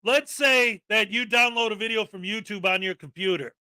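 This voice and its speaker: A man hosting a commentary show, ranting sarcastically and often shouting in exasperation. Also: high-pitched, moderate pace, no echo, clean studio sound. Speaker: commentary channel host.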